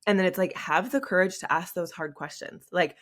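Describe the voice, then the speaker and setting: A woman's voice: fairly low pitch, brisk, a bit bright. A young adult woman hosting a solo podcast, talking candidly and tearfully with many fillers. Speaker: podcast host.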